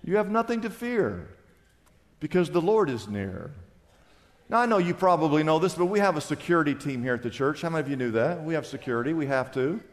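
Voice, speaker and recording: A man's voice: on the high side, expressive, fairly quick, in a large hall. A man pastor preaching a sermon to his congregation in a church, emphatic and asking them questions. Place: church sanctuary.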